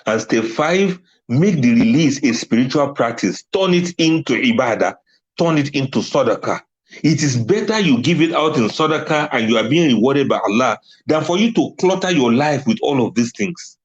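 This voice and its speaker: A man's voice: medium pitch, animated, moderate pace, highs cut off. A man giving a religious talk on letting go, emphatic and often laughing at his own points. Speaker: Islamic speaker.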